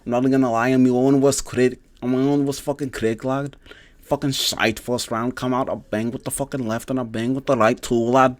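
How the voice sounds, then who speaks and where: A man's voice: mid-range voice, flat delivery, moderate pace, voice pushed up, close to an everyday voice. A man putting on the voice of a brash young male fighter, cocky and swearing, ending lines with "lad". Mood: boastful.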